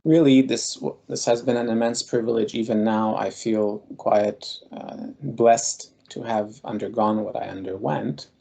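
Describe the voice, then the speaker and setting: A male guest scholar recalling personal experiences in a thoughtful, measured way, with frequent pauses. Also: fairly low pitch, steady tone, gravelly, mellow. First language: Armenian. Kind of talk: reflective personal storytelling.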